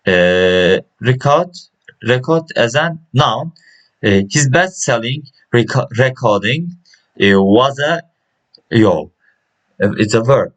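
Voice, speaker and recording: A man works through a pronunciation lesson at an unhurried pace. His voice sits at a middling pitch, and he halts often with fillers and restarts as he reads words and their example sentences. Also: lively intonation, a bit bright, rough recording. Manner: slow and hesitant, many restarts and uh fillers. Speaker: pronunciation teacher.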